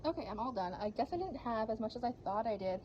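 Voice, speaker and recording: A woman's voice: a little high, animated, fast, dull audio, slight background noise. A young woman chatting casually to camera in a home vlog, giggly and self-mocking as she cooks and gardens. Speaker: vlogger.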